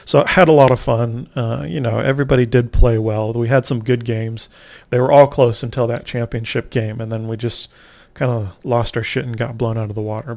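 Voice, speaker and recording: A man casually recapping a tournament over gameplay, rambling and poking fun at himself, with quick reactions to the match. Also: mid-range voice, vocal fry, a little mellow. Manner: rambling, self-mocking, reacts aloud to the game.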